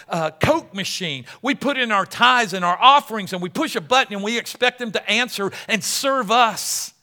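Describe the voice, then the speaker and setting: A male pastor delivering a sermon in a high, bright voice. He acts out scenes with quiet, whispered characters and swings back into loud, emphatic preaching. His delivery is dramatic and full of contrast.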